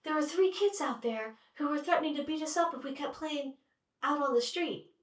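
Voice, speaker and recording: Timid little girl who tattles, high and pleading; a woman storyteller puts her on, roomy room, mic at a distance. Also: moderate pace, close to an everyday voice. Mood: alarmed. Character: timid delicate little girl, an only child.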